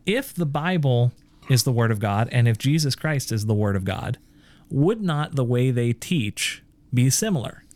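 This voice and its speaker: A man's voice: medium pitch, expressive, moderate pace, a little mellow. A man co-hosting a podcast in casual chat, emphatic and building his points through rhetorical questions. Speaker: podcast co-host.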